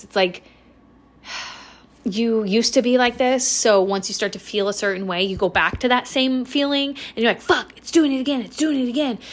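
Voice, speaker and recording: A young woman hosting her own podcast, telling a rambling personal story in a casual, animated way and swearing freely. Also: medium pitch. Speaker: podcast host.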